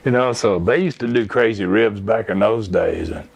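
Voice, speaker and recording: A man's voice: fairly low pitch, normal speed, gravelly, dull audio, slight background noise. A man from Mississippi, telling a story in casual conversation as an interview guest. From Mississippi, USA.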